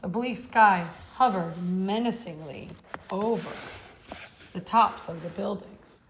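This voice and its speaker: A woman reading a novel aloud, unhurried and reflective in her first-person narration. Her voice sits at a middling pitch for a woman, steady and plain. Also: slight background noise. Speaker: audiobook reader.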